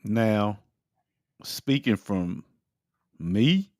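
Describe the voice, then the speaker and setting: A lower-voiced man co-hosts a fan show. He talks over sports in a halting, questioning way. His voice is recorded close and dry. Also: expressive, a little mellow, dry recording. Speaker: co-host. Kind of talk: casual sports reaction chat.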